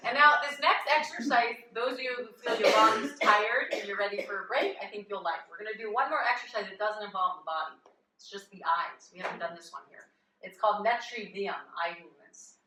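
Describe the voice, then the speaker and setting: A woman yoga teacher guiding a live chair yoga class with gentle, chatty instructions and easy laughs. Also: mid-range voice, brisk, noisy background. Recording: echoey room, voice from a distance.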